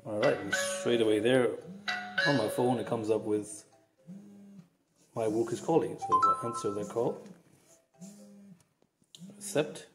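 Male tech reviewer, low voice, relaxed step-by-step explainer. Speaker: product reviewer. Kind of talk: casual product demo.

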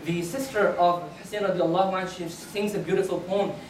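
A man's voice: sits high, fairly even intonation, quick pace, recorded from a distance. A man delivers a Friday sermon as an earnest storyteller, backing up and restarting his phrases as he goes. His voice reaches the mic from across a reverberant prayer hall. A faint hum of background noise sits beneath his words. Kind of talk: Friday sermon, narrating a historical account. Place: prayer hall of a community center.

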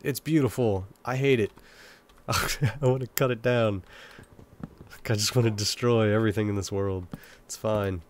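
A man's voice: lowish voice, steady tone, unhurried, pauses often, a little hiss or hum. Stuffy-nosed young man rambling over gameplay. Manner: rambling, self-mocking chatter to himself. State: congested from a cold, nasal and sniffly. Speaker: let's play gamer. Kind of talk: casual gameplay commentary.

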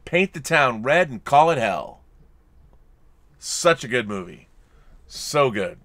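A man co-hosts a livestream podcast, chatting casually and reading viewer messages aloud with playful asides and voices. His medium-pitched voice moves slowly and animatedly, with no echo.

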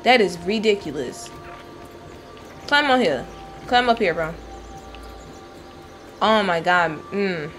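A woman's voice: medium pitch, expressive, slow, long pauses, soft background music. A woman streaming gameplay, talking casually, swearing and yelping when startled. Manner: jumpy, swears and yelps in fright. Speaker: gaming streamer.

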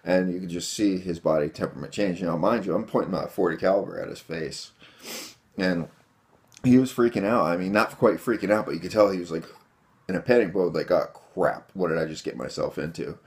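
A man with a very deep, gravelly voice recounts a story to camera. He rambles casually, leans on fillers and keeps calling his viewers guys. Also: brisk, a little mellow. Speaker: vlogger telling a home defense story.

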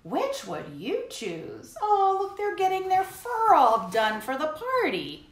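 A woman hosting a children's music show, reading a picture book aloud and talking to the kids in an animated, sing-song way. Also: very high voice, slow pace. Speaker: children's music teacher and host. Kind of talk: storytime read-aloud for kids. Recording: echoey room, faint hiss.

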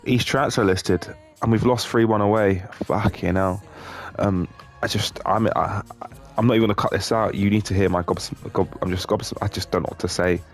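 A man commentating on his own football game, swearing a lot and swinging between glum muttering and excited shouting. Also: lowish voice, moderate pace, faint music behind. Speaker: gaming YouTuber.

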